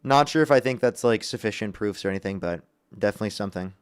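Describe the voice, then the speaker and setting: A man's voice: lowish voice, quick pace, clean tone, no room sound. A man hosting a livestream, chatting casually and thanking viewers for donations. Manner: amused, reading out donations. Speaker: livestream host.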